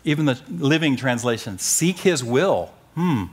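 A middle-aged man preaching and teaching from the Bible, animated and joking, pushing key phrases up with emphasis. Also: medium pitch, a little slow. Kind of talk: sermon-style Bible teaching.

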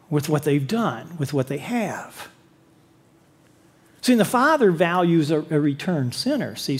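A man's voice: a little high, darkish tone. A man preaching a sermon, telling a story with rhetorical questions.

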